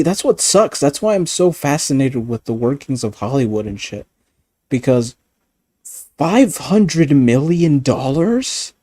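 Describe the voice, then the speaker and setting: A man ranting in casual chat as a streamer, animated and profane, often laughing. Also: fairly high pitch, no echo.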